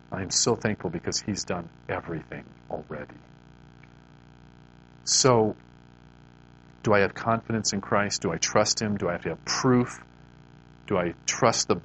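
Earnest, lower-voiced man giving a devotional talk. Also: slight background noise, poor audio. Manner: earnest, conversational, repeats words as he restarts. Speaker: Christian speaker.

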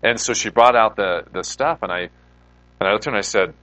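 A man's voice: on the low side, fairly quick, sharp tone, low-quality recording. A male pastor giving a conversational sermon in an informal way, putting rhetorical questions to his listeners.

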